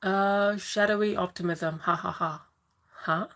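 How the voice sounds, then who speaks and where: Her medium-pitched voice sounds fairly bright, with fairly even intonation and a slightly slow pace. A woman who moved to the UK from overseas, she hosts a relaxed live Q&A, chatting and rambling as she answers viewers' questions, reads their comments, and greets them by name.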